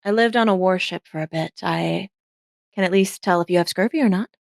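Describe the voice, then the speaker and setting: A woman's voice: fairly low pitch, brisk, gravelly, no echo, clean studio sound. A woman voicing an earnest, courteous young noblewoman suitor with formal, polite period speech.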